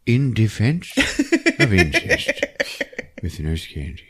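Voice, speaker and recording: A man's voice: on the low side, slow pace, husky. Laughing man recapping a movie. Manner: animated storytelling, laughing often, acting out the characters' lines. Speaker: podcast host. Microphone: podcast microphone.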